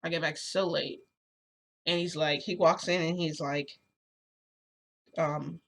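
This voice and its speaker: A woman narrates a casual storytime vlog in a rambling way, leaning on filler words. Her voice sits low but sounds bright and sharp. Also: steady tone, slow pace, long pauses. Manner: rambling, lots of fillers like "like" and "you know". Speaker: storytelling vlogger.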